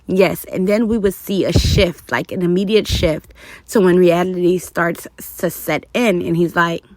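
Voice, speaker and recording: Speaking in a lowish voice at a moderate pace, a TV commentator talks loosely about a show. She rambles with fillers while figuring out her ideas, and the recording has no echo.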